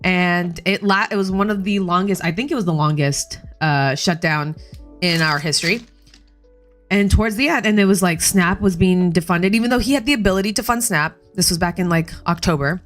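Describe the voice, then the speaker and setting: A woman hosts a casual political livestream from home, her voice sitting a little low. She talks in heated, fast bursts and swears freely. Faint music plays behind her. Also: a bit bright. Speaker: livestream host. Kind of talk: casual political commentary stream.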